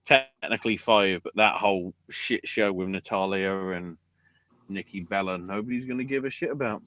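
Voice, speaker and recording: A man's voice: sits low, moderate pace, a bit bright. Sweary man on a podcast. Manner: sweary, sarcastic, acts out quotes in bursts. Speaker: wrestling podcast host. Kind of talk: casual podcast chat.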